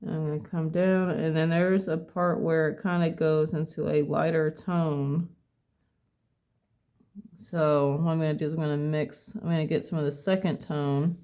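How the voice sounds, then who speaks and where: Gravelly, mellow voice thinking aloud. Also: mid-range voice, level tone, normal speed. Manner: thinking aloud, self-correcting. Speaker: painting instructor. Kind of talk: casual step-by-step painting demo. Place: at a home desk.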